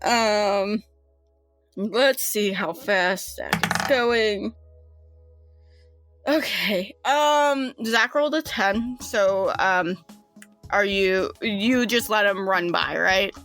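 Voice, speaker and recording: A woman's voice: mid-range voice, very slow, fairly bright tone, soft background music. Chatty woman running a game. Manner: chatty, loose narration with fillers. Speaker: game master. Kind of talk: narrating a tabletop game.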